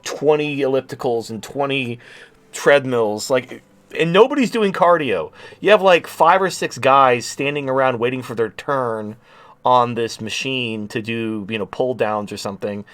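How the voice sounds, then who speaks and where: Sweary sarcastic guy rambling on his stream, regular mid voice. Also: mid-range voice. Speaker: show host. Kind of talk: livestream rant.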